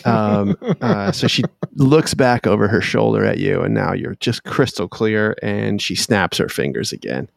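A man with a low, gravelly voice runs a tabletop game, laid-back and quick to chuckle. His voice sounds dry and close, with no room echo. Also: lively intonation. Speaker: game master.

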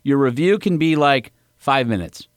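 A man's voice: mid-range voice, lively intonation, moderate pace, dry recording, studio quality. A man co-hosting a podcast in casual chat, giving jokey instructions to a guest. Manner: jokey, directive. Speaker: podcast co-host.

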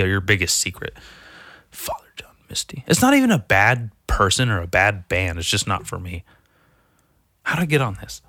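A young man rambling through a profane, self-mocking comedic monologue as a solo podcast host, now and then mimicking people in a squeaky voice. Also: bright, forceful tone, no echo, clean studio sound.

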